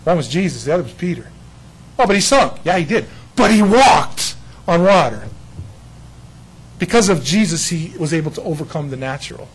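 A man preaching a sermon in a lively storytelling way, dropping to hushed tones and rising to loud bursts. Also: fairly high pitch, moderate pace, husky, poor audio. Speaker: pastor.

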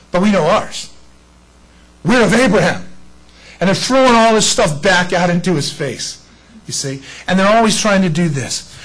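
A man preaching a sermon as pastor, animated and conversational, acting out the voices of the people in the story. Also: high-pitched, rough recording.

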